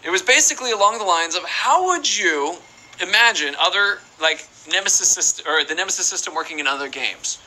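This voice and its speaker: A man's voice: high-pitched, lively intonation, brisk, bright, forceful tone, slight background noise, poor audio. A young man streaming a game, chatting casually and reading out viewer questions in a rambling, playful way. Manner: rambling, playful, reads chat aloud. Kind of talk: casual live-stream chat while playing.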